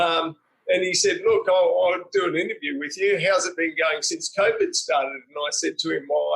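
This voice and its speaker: Blunt, gravelly Australian man. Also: fairly high pitch, a bit bright, poor audio. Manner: blunt, swears a lot. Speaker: guest, private investigator. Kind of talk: casual interview storytelling.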